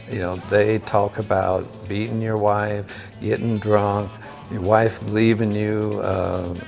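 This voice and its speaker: A man talking in an interview, halting and emphatic, with many fillers as he makes his point. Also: fairly low pitch, vocal fry, darkish tone. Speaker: interviewee, musician. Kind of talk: reflective interview talk.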